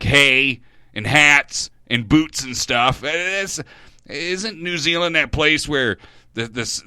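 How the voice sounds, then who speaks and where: A male radio host with a bright, ringing voice in a dry, close studio sound. He rambles, jokes and trips over his own restarts, keeping the banter loose and comic. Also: mid-range voice, clear, resonant tone, no room sound. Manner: rambling, joking, stammering restarts.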